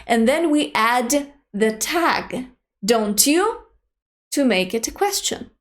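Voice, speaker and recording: A young adult woman teaching an online grammar lesson, speaking example sentences slowly and clearly. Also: a little high, expressive. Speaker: language teacher.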